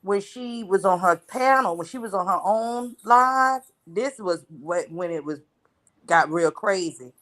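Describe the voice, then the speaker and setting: A woman's voice: medium pitch, animated, measured pace, a bit bright. Hesitant woman caller. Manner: hesitant, many ums. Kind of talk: casual call-in chat.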